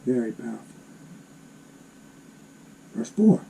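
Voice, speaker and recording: A man reading Bible verses aloud and explaining them in an animated, exclaiming way. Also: mid-range voice, takes it slowly, gravelly, slight background noise, poor audio. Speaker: Bible teacher.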